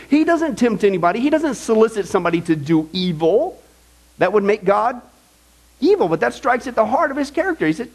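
Male pastor, higher register, emphatic conversational Bible teacher who checks in constantly. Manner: emphatic, checks in with the audience, frequent "okay?".

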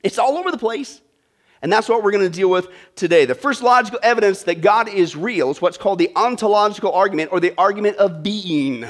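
A male pastor with a notably high voice, preaching in a chatty, joking manner. He keeps checking in with the congregation, tossing out "right?" and "okay?" between points. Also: expressive, a little fast. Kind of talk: sermon.

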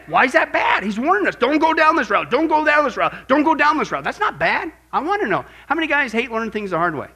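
A male pastor delivering a sermon in a bright, forceful voice. He talks in an animated, joking way and keeps asking his congregation rhetorical questions. His voice sits fairly high.

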